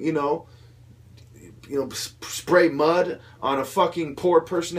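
A young man, a video commentator, launches into a heated, profane political rant, mocking his targets with put-on voices. His voice sits on the high side, with fairly even intonation and an unhurried delivery.

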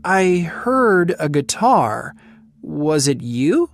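A woman's voice: low voice, big pitch swings, very slow, exaggerated voice. A woman voicing an eager, cheerful teenage girl who lives next door, in a storybook reading. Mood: curious. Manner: bright, cheerful, talkative.

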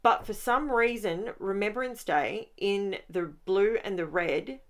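A woman with an Australian accent, chatting through a voiceover of her own scrapbooking process in a lively, animated way. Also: medium pitch, slow. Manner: chatty and animated, with rising exclamations and laughs. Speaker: scrapbooking channel host. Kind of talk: voiceover narration of a crafting process.

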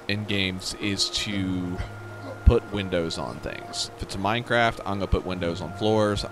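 A man hosting a let's play, commentating his gameplay in an excitable, self-mocking way. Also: deep voice. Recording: game music behind the voice.

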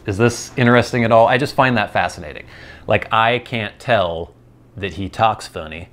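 A man's voice: fairly low pitch, moderate pace, a bit bright. A man hosting a vlog, thinking aloud in a casual, rambling monologue with self-deprecating asides. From United States. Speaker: vlog host.

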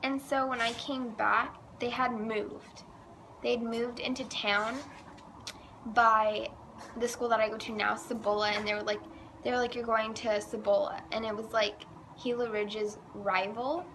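A woman's voice: a little high, little pitch movement, unhurried, a bit bright. A teenage girl casually telling her own story, saying "like" a lot. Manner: chatty, says "like" a lot. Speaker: vlogger. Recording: faint background noise.

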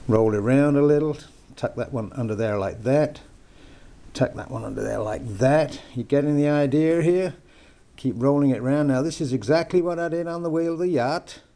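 A man's voice: medium pitch, gravelly, dark tone. An older man from the United Kingdom with a put-on American accent, giving a chatty, jokey knot-tying lesson at home with lots of hesitant fillers. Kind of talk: homemade instructional video. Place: home lounge.

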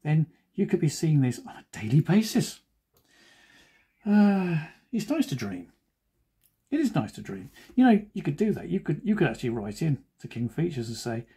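Mellow husky-voiced joking cartoonist man. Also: a little high, sing-song, normal speed. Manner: joking, self-deprecating asides. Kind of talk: chatty drawing commentary.

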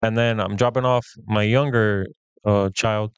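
A man's voice: fairly low pitch, a little slow, smooth, no room sound. A man in his thirties co-hosting a podcast, telling a story in casual chat and acting out the quoted lines of the people in it. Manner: animated, acts out quoted dialogue. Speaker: podcast co-host.

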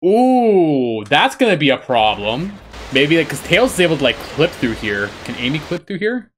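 A man giving excited commentary while playing a video game, swinging between calm explanation and shrieking, laughing panic, swearing a lot and boasting jokingly. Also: on the high side, normal speed, slight background noise. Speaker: gaming YouTuber.

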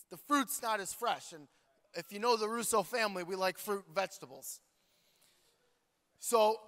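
A man preaching a sermon, telling a story with jokes and calling out to the congregation. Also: sits high. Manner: animated, joking, talks to the congregation. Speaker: pastor. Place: large church hall. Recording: long hall reverb.

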